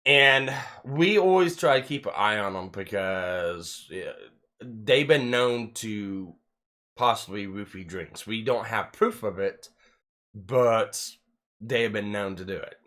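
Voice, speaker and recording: A man's voice: lowish voice, takes it slowly. A man hosting a casual podcast, telling a long story with heavy swearing and lots of restarts. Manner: rambling, heavy swearing, animated retelling. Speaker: podcast host.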